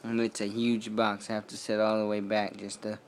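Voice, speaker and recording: Young guy rambling thru a toy review at home, low flat voice, slow. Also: heavy background noise. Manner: rambling, loose and unscripted, with many fillers. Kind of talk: casual video toy review.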